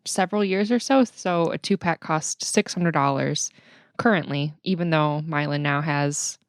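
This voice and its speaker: A woman's voice: deep voice, normal speed, dry recording, clean studio sound. A woman co-hosting a business news podcast, recapping stories in a casual way with many fillers. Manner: conversational, frequent "um" fillers. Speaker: podcast co-host.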